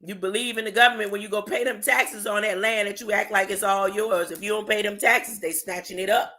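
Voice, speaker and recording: A religious commentator talks casually and emphatically on a livestream, often throwing out "huh?" to the audience. Documents are read aloud slowly, broken up by slangy asides. The voice has a bright, sharp edge at a middling pitch. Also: steady tone.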